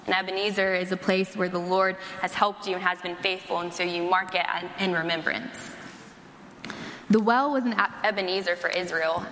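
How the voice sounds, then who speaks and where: A woman's voice: fairly low pitch, fairly even intonation, moderate pace, a bit bright, slight background noise. A young woman who works at a church, preaching a sermon and telling a personal story in a chatty, casual way, full of "like". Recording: echoey hall.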